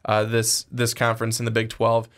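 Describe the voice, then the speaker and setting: A man's voice: lowish voice, completely flat delivery, moderate pace, a bit bright. A man co-hosting a sports podcast, talking casually in rambling, restarting sentences. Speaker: podcast co-host.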